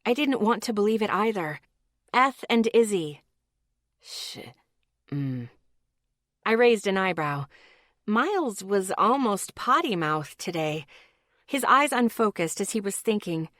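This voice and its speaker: A woman reading a first-person audiobook, her telling blunt, tense and sprinkled with swearing. Her voice sits at a middle pitch. The recording is dry, with no room sound. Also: lively intonation, normal speed, a bit bright, dry recording. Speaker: audiobook narrator.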